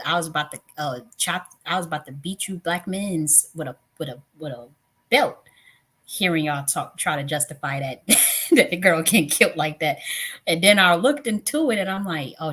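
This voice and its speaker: Low husky woman, blunt live-stream talk. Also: fairly bright tone. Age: 30s. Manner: blunt, profane, gets worked up. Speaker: live-stream tarot host.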